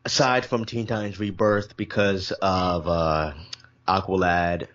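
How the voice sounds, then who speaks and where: A man's voice: deep voice, fairly even intonation, unhurried, a bit bright. A young man co-hosting a podcast, talking casually in a blunt, sarcastic, joking way. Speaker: podcast co-host. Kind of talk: casual chat. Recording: dull lo-fi audio.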